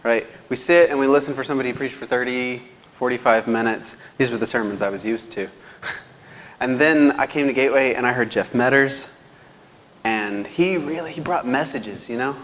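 A young adult man, a lay preacher and teacher, delivers a sermon in a church hall, telling self-deprecating stories and chuckling often. His voice is medium-pitched, fairly quick and fairly bright, with long hall reverb.

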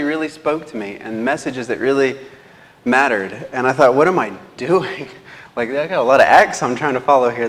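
A man's voice: medium pitch, a bit bright. A young adult man giving a lay sermon, telling stories in a self-deprecating way. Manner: self-deprecating, storytelling, chuckles often. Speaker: lay preacher, teacher. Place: church hall. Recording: long hall reverb.

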